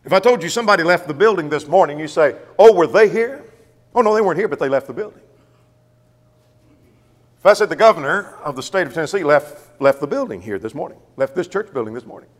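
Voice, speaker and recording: Animated preacher in a reverberant church. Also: male voice, on the high side, fast talker. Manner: animated, asks himself questions and answers them. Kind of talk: sermon.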